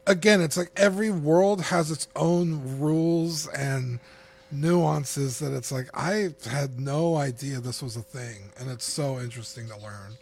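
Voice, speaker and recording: A man talking casually as a podcast guest, telling stories in a chatty, animated way. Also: fairly high pitch, unhurried, creaky. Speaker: podcast guest and network co-creator.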